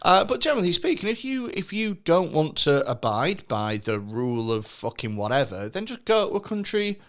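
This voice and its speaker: A man's voice: fairly high pitch, sing-song, moderate pace, fairly bright tone. A man hosting a comedy podcast, chatting casually with crude, sweary jokes and frequent laughter. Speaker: podcast host.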